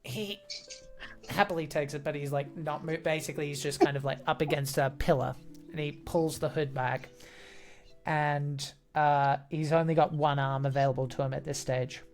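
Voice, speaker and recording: Woman game master, low voice, rambling narration, faint music. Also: steady tone, normal speed. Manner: rambling, many fillers and restarts.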